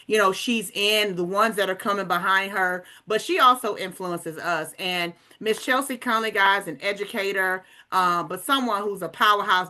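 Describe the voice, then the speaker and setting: A woman hosting a recruitment call, pitching with upbeat energy and calling her listeners "guys.". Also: bright, forceful tone. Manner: hyped, addresses listeners as guys.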